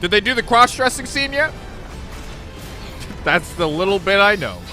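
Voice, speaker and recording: A man streaming live, reacting to a game showcase with excited, sarcastic commentary. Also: high voice, measured pace. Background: game trailer music.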